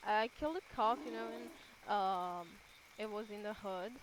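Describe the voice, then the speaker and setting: A woman casually commenting while she plays a game on her channel, rambling and excitable, swearing and then apologizing. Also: mid-range voice, moderate pace, noisy background. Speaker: gaming channel host. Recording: loud game sounds behind voice. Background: game ambience and animal sounds.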